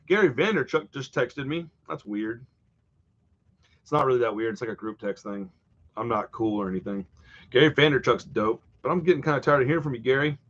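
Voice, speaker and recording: A man's voice: medium pitch, animated, brisk, fairly bright tone, lo-fi sound. A man hosting a horror live stream, chatting casually and wandering off topic from home. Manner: rambling, easily sidetracked, chatty.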